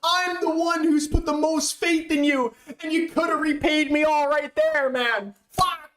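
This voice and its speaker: Man, football fan watch-along, excitable, cursing, pleading with the players. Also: very high-pitched, a little slow. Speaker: fan streamer.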